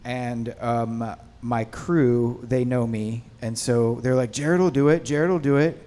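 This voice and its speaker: A man's voice: medium pitch, steady tone, a little slow, mellow. A man on a film panel, telling a rambling casual story about stepping in as an actor. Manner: rambling, many fillers and restarts.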